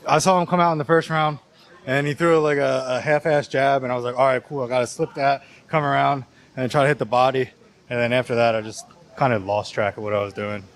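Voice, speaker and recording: Laid-back fast-talking young boxer. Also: male voice, medium pitch. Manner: relaxed, laid-back, slangy. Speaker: boxer being interviewed. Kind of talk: post-fight interview.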